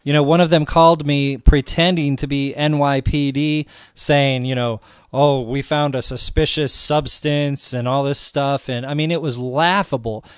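A man's voice: medium pitch, steady tone, moderate pace, hardly any pauses, smooth, no room sound, studio quality. A man hosting a radio interview, asking his guest questions in a conversational way. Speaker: host.

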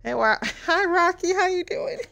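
A woman's voice: very high voice, expressive, moderate pace, vocal fry, faint music behind. A woman streamer commentating a horror game as she plays, swearing a lot and laughing at her own mistakes. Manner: swings between loud shouted outbursts and muttering. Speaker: gaming streamer. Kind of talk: let's-play commentary.

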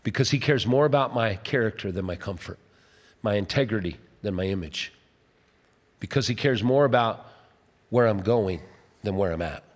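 A man's voice: fairly low pitch, expressive, normal speed, long pauses. A man preaching a conversational, emphatic sermon as a pastor, acting out quoted voices. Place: large church hall. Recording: long hall reverb.

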